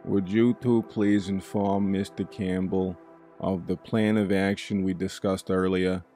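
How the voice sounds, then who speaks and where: A man's voice: deep voice, level tone, measured pace, dark tone, soft background music. A man voicing a stern, curt older male support group leader with a New England accent, in a spoken bedtime story. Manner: curt, scolding.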